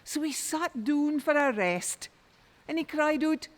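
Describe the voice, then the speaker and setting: A woman with a Doric Scots accent telling a traditional folk tale in rich dialect, lilting and expressive. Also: sits high, measured pace. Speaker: storyteller. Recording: long reverb.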